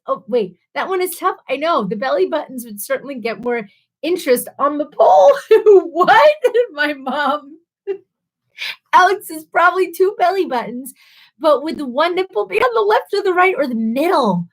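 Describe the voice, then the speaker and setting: A woman's voice: sits high, animated, moderate pace. A woman hosting a casual live stream, laughing a lot and a little tipsy from wine as she reads out viewer comments. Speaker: livestream host.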